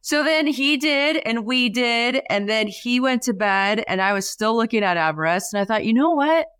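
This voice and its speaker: A woman in her forties, a podcast guest telling her story in a lively way and acting out the voices she quotes. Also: moderate pace, clean tone, dry recording, studio quality. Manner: animated, acts out quoted voices with big pitch jumps. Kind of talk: storytelling in a casual interview.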